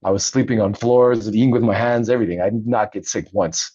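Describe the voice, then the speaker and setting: Husky-voiced man telling a story. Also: lowish voice, a little fast, no room sound, lo-fi sound. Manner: animated, laughs often, acts out quoted voices. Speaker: podcast guest, Navy veteran and author. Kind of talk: casual storytelling interview.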